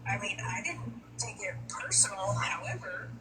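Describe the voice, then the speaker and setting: A woman telling an animated story on a group livestream, often laughing and mimicking others. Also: mid-range voice, normal speed. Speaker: livestream guest. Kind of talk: casual livestream chat. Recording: distant mic with loud background noise.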